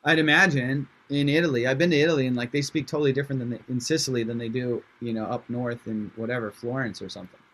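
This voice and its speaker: Brief: young adult male comedian guest, casual podcast chat, lively and loose, swears freely. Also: mid-range voice, fast talker, hardly any pauses. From Iran. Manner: animated, laughs often, swears casually.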